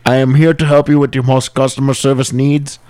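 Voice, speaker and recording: A man playing a calm, scripted male customer service agent with an Indian accent, politely insisting he is there to help. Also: mid-range voice, brisk, lightly acted.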